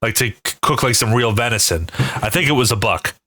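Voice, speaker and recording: Man, podcast co-host, bright forceful voice, dry close sound, animated storytelling, swears a lot. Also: medium pitch, a little fast, no room sound, rough recording. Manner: animated storyteller, heavy swearing, acts out screams. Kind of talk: casual comedy podcast chat.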